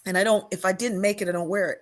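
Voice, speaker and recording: A woman's voice: mid-range voice, steady tone, rapid-fire. An older woman, a guest on an interview show, telling a personal story at length and acting out the voices she remembers. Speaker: guest, sociologist and author.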